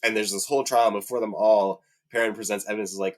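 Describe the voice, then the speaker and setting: A man with a fairly low speaking voice talks through a long, casual rant, filling gaps with ums and likes. When he gets indignant his voice jumps much higher and louder, then settles back down as he retells the plot. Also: steady tone, quick pace, hardly any pauses. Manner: heated, rising to high-pitched indignation, many fillers. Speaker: book fan commentator. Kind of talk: casual rant about a TV adaptation.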